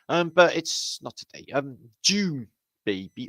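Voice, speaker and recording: A man's voice: a little high, very animated, measured pace, a bit bright, no room sound. A British man hosting a casual livestream, rambling and sardonic, swearing constantly as he reads out viewer comments. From Britain. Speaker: livestream host. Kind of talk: casual live chat reading viewer comments.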